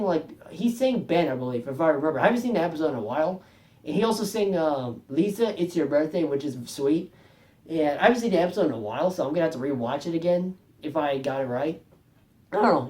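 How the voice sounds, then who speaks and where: A music video vlogger speaks in a high voice with a darkish tone. His talk is casual and rambling, full of self-corrections and little chuckles.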